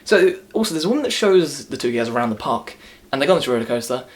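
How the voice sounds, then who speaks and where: A man rants through a movie review in a casual, mocking tone, rambling, doubling back and restarting sentences. His voice has ordinary male pitch, with big pitch swings, and he talks fast.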